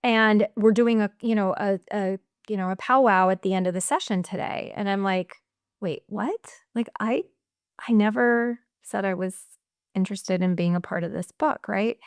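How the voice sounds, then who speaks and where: A woman's voice: medium pitch, moderate pace, clean tone, no room sound. A woman executive coach on a podcast, chatting casually and often acting out her own inner voice with a tagged "right?". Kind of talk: casual interview chat.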